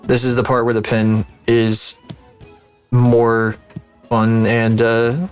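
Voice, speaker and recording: A male streamer talks loosely and profanely as he works, in a voice of middling pitch. He rambles and jokes at his own expense. Faint music plays underneath. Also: monotone, takes it slowly, clean tone. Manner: rambling, profane, self-mocking. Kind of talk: casual live-stream chat while working.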